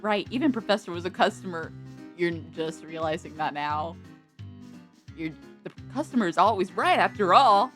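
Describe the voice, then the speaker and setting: A woman playing through a visual novel, reading its text aloud and loudly scolding the characters in exasperation. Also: fairly low pitch. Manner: animated, yelling in exasperation at characters. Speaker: game streamer.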